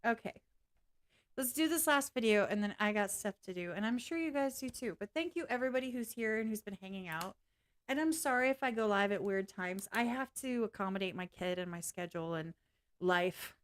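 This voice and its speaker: A woman live streaming to her viewers in a casual, candid rant, blunt and swearing freely, laughing along the way. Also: medium pitch. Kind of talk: casual ranting livestream chat.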